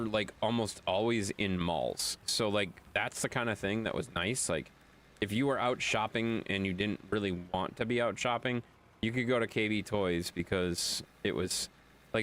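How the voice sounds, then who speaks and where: A man's voice: on the low side, fairly bright tone. A man streaming a game, chatting loosely with viewers, swearing and laughing often. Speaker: gaming streamer. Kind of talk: casual chat while playing.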